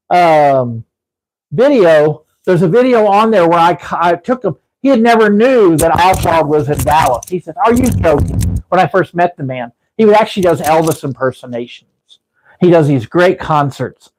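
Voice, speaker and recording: A man's voice: on the high side, a little mellow, poor audio. A man hosting a live stream, telling a meandering story with lots of restarts. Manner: rambling storyteller, frequent restarts. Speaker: livestream host. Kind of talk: casual live-stream chat. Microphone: livestream setup.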